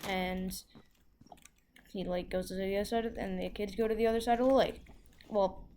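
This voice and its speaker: A woman's voice: medium pitch, steady tone, moderate pace, warm tone, a little hiss or hum. A woman telling a story in a loose, casual way, full of "like" and restarts.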